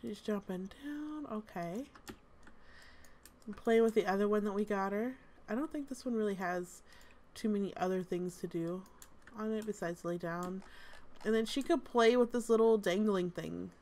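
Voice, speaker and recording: A woman's voice: mid-range voice, moderate pace, darkish tone. A woman host giving casual, amused gameplay commentary, chatty with lots of fillers. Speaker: gaming channel host.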